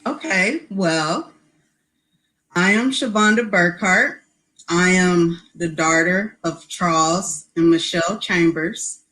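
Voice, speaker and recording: A woman in her forties from Los Angeles, a guest artist answering interview questions over a video call in an unhurried, soft-spoken way. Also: on the low side, rough recording. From Los Angeles, California.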